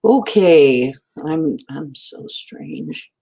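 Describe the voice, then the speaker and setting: Slow, rambling, giggly woman hosting a live stream. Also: low voice, animated, dark tone, slightly rough. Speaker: livestream host. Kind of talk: casual live-stream chat with viewers.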